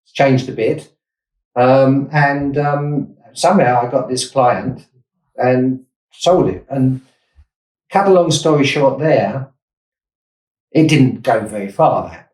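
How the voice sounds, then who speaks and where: A man's voice: mid-range voice, takes it slowly, pauses often, a little mellow. This is a man in his sixties from Essex, England, reminiscing about his working life as a guest in an interview. He rambles, corrects himself mid-phrase and goes off on asides. He sits back from the mic in a room with noticeable echo. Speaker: investor and startup founder, guest. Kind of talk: anecdotal interview storytelling. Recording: roomy, distant mic.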